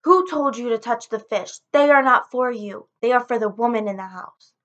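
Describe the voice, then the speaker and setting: A woman's voice: fairly high pitch, normal speed, fairly bright tone, lo-fi sound, lightly acted. A woman voicing an angry, stern father who scolds his son harshly in a told folktale.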